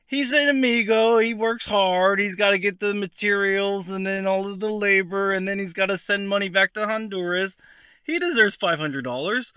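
A male comedian telling a story straight to the viewer in an animated, conversational comedy monologue. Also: sits high, normal speed, smooth, no room sound.

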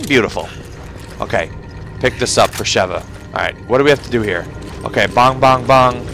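Gamer guy, lively pitch, sarcastic and profane running commentary, game music playing underneath. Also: normal speed. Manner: swearing, sarcastic, muttering to himself. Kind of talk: profane let's play commentary.

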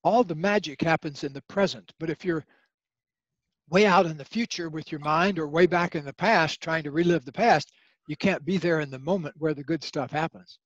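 In a dry, lo-fi recording, an older man with a slightly high voice shares anecdotes as a guest author on a podcast. He keeps a moderate pace and brings his stories to life by acting out the characters' voices.

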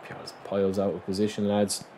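A man giving excitable live commentary on his own football video game, reacting aloud and calling his viewers lads. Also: fairly low pitch, quick pace. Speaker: gaming channel host. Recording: noisy game sound mix.

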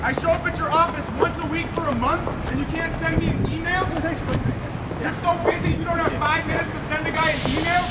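A man's voice: extremely high pitch, fairly even intonation, fairly quick, a loud crowd, heavy background noise. A worked-up man confronting someone in a building hallway, firing off demanding, repetitive rhetorical questions into a handheld camera. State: agitated, worked up. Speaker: citizen confronting a legislator. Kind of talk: loud confrontational ambush. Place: indoor government building hallway.

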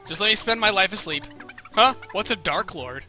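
A man's voice: high voice, animated, moderate pace, pushed and bright, soft background music, pitched below the performer's own voice, heavily acted. A man voicing a lazy, sleepy game character who can't be bothered, in a bored drawl.

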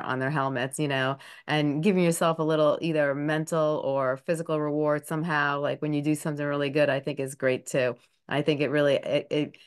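Low, smooth-voiced woman host. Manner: encouraging, affirming. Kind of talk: interview listening and responding.

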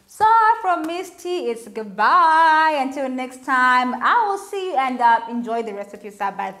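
A woman giving a children's sermon, speaking in an animated, sing-song way straight to the boys and girls. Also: high-pitched, unhurried. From Zimbabwe.

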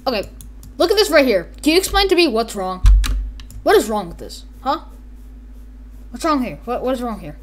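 A woman narrating her own gameplay in a loose, rambling way, her fairly high voice leaping all over the place. She gets excitable, breaking into silly sound effects and little character bits between her remarks. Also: normal speed, long pauses, a little hiss or hum. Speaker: gaming YouTuber. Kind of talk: casual gameplay commentary.

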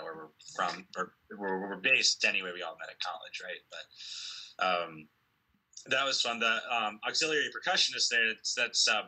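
A man's voice: fairly low pitch, poor audio. A young man chatting casually with bandmates on a video call, laughing often and filling with ums. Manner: relaxed, laughing, many fillers. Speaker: band member hosting a livestream. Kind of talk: casual group chat.

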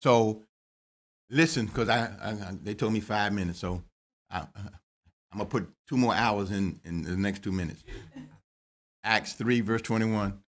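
A man preaching a sermon in a lively, joking way, with quick asides and calls to the congregation. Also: on the low side. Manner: lively preaching with jokes and laughter. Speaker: pastor.

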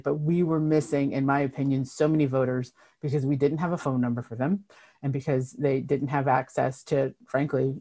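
A woman's voice: rumbling low, darkish tone. Earnest woman party chair on a video call. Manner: earnest, emphatic, with frequent ums and restarts. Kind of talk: answering members' questions in an online meeting.

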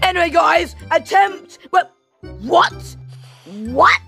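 A woman hosting let's play game commentary, excitable and shouty, with mock-formal asides. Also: very high-pitched, takes it slowly, vocal fry, faint music behind. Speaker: gaming channel host.

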